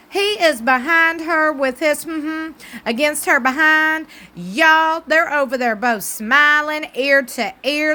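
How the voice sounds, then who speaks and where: A woman's voice: high voice, sharp tone. A woman, chatting animatedly and emphatically as she recaps a TV episode. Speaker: TV recap YouTuber. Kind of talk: casual chat recap.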